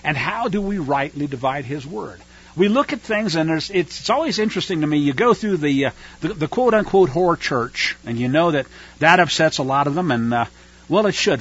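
Male preacher, fiery radio sermon, emphatic and scornful, bright, husky. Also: on the high side, expressive, a little fast. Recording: dull lo-fi radio recording.

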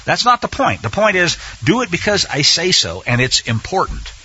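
A man's voice: high voice, sing-song, moderate pace, pushed and bright, breathy edge, dry recording, muffled recording. A man teaching scripture in an emphatic way, repeating phrases and speaking directly to his listeners. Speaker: Bible teacher.

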